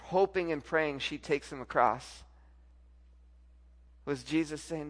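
A man telling a personal faith story to a live audience, animated, often repeating words and acting out what people said. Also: fairly high pitch, slow pace, long reverb tail.

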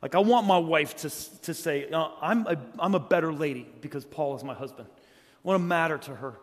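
Preaching as a guest in a church sanctuary, this middle-aged man from South Carolina has a voice that runs high for a male and moves along fairly quickly. His sermon is built on funny stories, told casually and with jokes, shifting between booming narration and soft sincerity. Everything rings out with a long, hall-like echo.

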